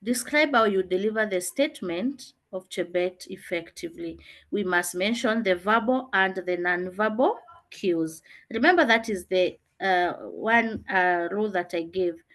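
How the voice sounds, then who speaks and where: A woman's voice: mid-range voice, a little slow, a bit bright. Woman teacher leading an online lesson. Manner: explains rules, asks students questions.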